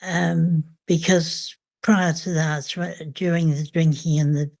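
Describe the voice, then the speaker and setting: Slow, thoughtful older woman. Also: low voice, fairly even intonation, vocal fry, a little mellow. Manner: slow, thoughtful, with frequent hesitations. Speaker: memoir author and guest. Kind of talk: reflective interview conversation.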